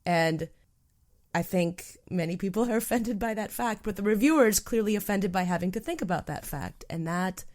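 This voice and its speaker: A woman hosting a travel podcast, talking in a frank, animated way with plenty of "like" in her conversational speech. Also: lowish voice. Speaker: podcast host.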